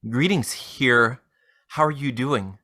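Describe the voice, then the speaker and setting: A man's voice: medium pitch, takes it slowly. A man reading out messages from a female romance-scam bot in a stilted, sugary way. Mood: saccharine. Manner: flat read-aloud of stilted messages.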